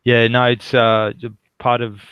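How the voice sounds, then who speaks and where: Smooth-voiced man at a game table. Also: medium pitch, flat delivery, a little slow, a bit bright, no echo. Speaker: player. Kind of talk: casual chat at a game table.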